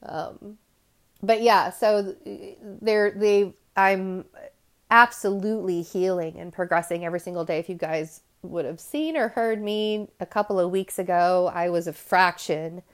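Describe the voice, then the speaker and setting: A woman's voice: medium pitch, fairly even intonation, a little slow. A woman hosting a podcast, talking to her listeners in a candid, rambling monologue full of asides and restarts. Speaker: podcast host.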